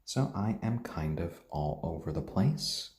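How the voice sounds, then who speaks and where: A man with a mixed British and American accent, chatting gently on a live stream and cooing to his pets. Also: deep voice, lively intonation, a little slow, echoey room. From born in Tokyo, raised British and American. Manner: gentle, soft-spoken, coos at pets. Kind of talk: casual live-stream chat.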